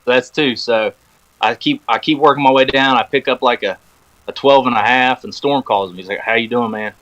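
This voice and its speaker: In a podcast recording room, a guest with a mid-range voice talks at a normal speed, casually telling a long story. He brings it to life by acting out the phone calls he quotes, though the audio sounds dull.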